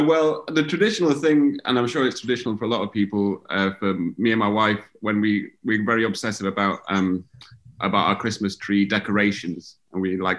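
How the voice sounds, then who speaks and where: A man's voice: on the low side, a bit bright. A man, a musician guest on a video call, talking in a rambling, hesitant way full of fillers. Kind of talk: casual conversation.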